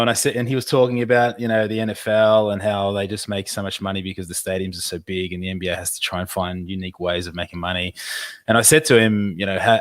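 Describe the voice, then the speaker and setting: An Australian man with a lowish voice tells stories in easy podcast chat, animated and quick to laugh. The sound is dry and close to the mic, with no room around it. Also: no echo. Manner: animated anecdote-telling, laughs often. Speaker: podcast co-host. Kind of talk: casual storytelling chat.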